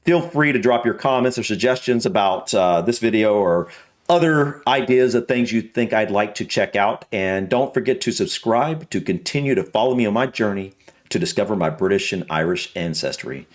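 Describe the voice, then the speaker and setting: A man's voice: on the low side, expressive, moderate pace. An American man hosting a reaction video, talking casually and hesitantly with many ums and restarts. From United States.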